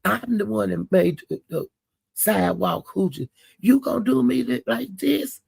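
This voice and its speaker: Man mimicking an angry tipsy woman streamer: gravelly, husky, shrill, defiant. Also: a little slow, a little mellow, no room sound, full character voice. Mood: indignant.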